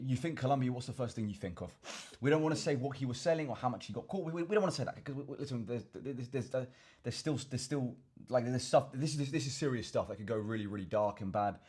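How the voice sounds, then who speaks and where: Young English male fitness vlogger, rapid delivery, slightly husky voice, chatty rambling Q and A host. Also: medium pitch, darkish tone. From England. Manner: rambling, repeats words, addresses viewers as chaps. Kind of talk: casual Q and A to camera.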